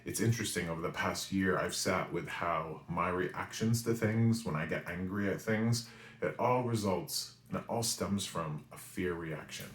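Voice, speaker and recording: Deep-voiced man in his forties, roomy sound. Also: moderate pace, a little hiss or hum. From New England. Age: 40s. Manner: animated storyteller who often asks "right?". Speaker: spiritual reader and weekly message host. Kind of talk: storytelling monologue. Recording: roomy echo.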